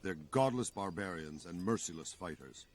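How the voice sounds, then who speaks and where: An actor playing a weary middle-aged knight in a game, speaking in a grave, cynical way with a husky voice. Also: male voice, deep voice, animated, moderate pace.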